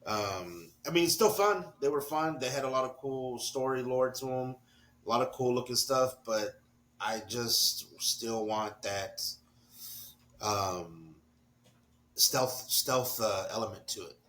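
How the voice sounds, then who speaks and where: Talking slowly in a mid-range voice that's a bit bright, this man co-hosts a podcast and chats casually about video games. He rambles, jokes and swears a lot, and there's a little hiss or hum in the recording.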